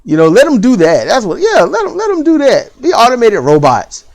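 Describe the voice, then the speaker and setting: A vlogger ranting bluntly about parenting and school in a casual, repetitive way, with lively rises in pitch. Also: fairly quick. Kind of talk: opinion rant to camera.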